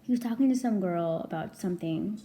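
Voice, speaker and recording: A woman's voice: medium pitch, brisk, dark tone. A young woman vlogging a casual storytime, rambling and chatty, packed with "like" and casual swearing. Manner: chatty, rambling, heavy filler "like", swears freely.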